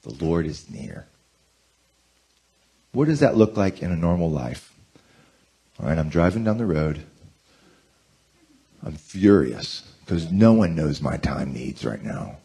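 A man in his forties preaching a conversational sermon, telling self-mocking stories in an animated way. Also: very deep voice, slow, gravelly, pauses often, husky. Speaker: pastor.

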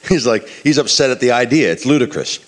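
A man preaching a sermon, retelling a scripture story with many restarts and acting out the characters' lines. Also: mid-range voice.

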